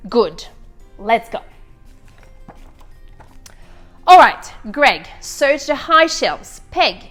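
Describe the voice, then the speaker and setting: A woman's voice: high-pitched, very animated, slow, fairly bright tone, soft background music, heavily acted. A woman voicing a chatty, easily flustered little male egg who leads his friends, in a storytime read-aloud. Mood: determined.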